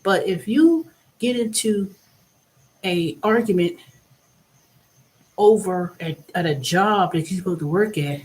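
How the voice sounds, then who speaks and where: A woman hosting her own vlog, giving a blunt, profane monologue that swings between loud bursts and low asides. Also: lively intonation, takes it slowly, pauses often. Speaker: vlog host. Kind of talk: casual ranting monologue.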